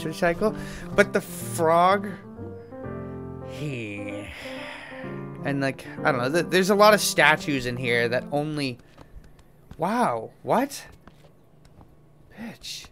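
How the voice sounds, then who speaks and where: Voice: mid-range voice, sing-song, takes it slowly, long pauses. A person casually commenting on someone's video game play, giggly, rambling and playfully foul-mouthed over game music. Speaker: gamer watching and commenting.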